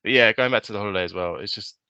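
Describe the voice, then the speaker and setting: A man's voice: fairly low pitch, racing, smooth, no room sound, highs cut off. A young British man co-hosting a podcast, chatting casually and telling stories with little impressions of people. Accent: British English. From Britain. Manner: animated storytelling, mimics others. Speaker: podcast co-host. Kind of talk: casual chat.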